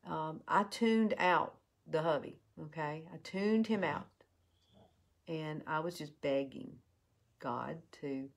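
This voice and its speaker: A woman tells a heartfelt personal story while doing a makeup tutorial, in an earnest, halting way. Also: deep voice. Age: 50s. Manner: earnest and heartfelt, with halting restarts and soft drop-offs. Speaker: beauty vlogger.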